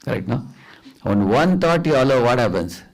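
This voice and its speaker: Male preacher, mid pitch, teaching a temple audience and asking for agreement. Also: animated, normal speed, vocal fry, rough recording. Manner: instructive, asks the audience for agreement, chants the mantra aloud to demonstrate. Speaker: visiting preacher. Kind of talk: devotional lecture on chanting. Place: temple hall.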